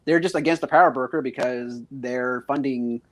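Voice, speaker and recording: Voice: mid-range voice, normal speed. A speaker in a casual podcast conversation, rambling on tangents with many fillers. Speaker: podcast guest.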